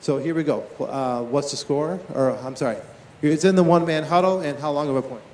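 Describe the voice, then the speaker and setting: A man's voice: fairly high pitch, slight background noise. Echoey man coaching on a tennis court. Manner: lively, talks to players and coaches with quick questions. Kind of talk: live on-court coaching demonstration.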